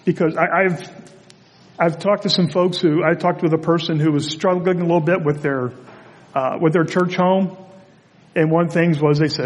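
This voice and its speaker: A pastor whose voice sits a little on the high side gives a relaxed, chatty sermon at a moderate pace, telling stories along the way. Long reverb from the church sanctuary fills the sound.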